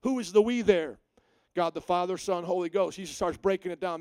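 A man with a high, smooth, resonant voice delivers a sermon in a dry, close sound. He preaches with animated force and jumps into the voices of the figures he quotes. He talks like a pastor working a congregation. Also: a little fast, dry recording. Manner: animated preaching, voicing Bible figures with rising pitch.

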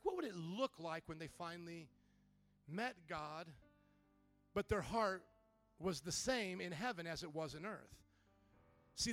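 Man, pastor, rousing emphatic sermon, calls for responses, very high pitch, dry. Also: fairly bright tone, dry recording.

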